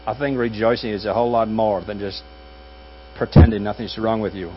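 A man's voice: fairly low pitch, fairly even intonation, fairly quick. A man preaching a sermon as pastor in a conversational, wry manner with dry jokes. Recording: dull audio with faint mains hum.

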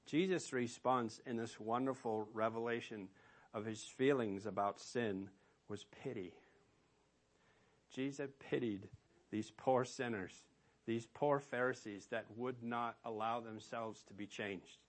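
A man's voice: medium pitch, steady tone, unhurried. A man preaching a sermon as pastor, emphatic and asking rhetorical questions of his listeners.

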